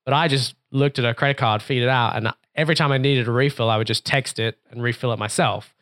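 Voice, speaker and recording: A young man co-hosts a loose, unscripted podcast. He tells rambling stories, full of fillers and restarts, and swears casually. His voice sits at an ordinary middle pitch for a man. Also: fairly even intonation, quick pace, fairly bright tone. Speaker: podcast co-host. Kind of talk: casual chat.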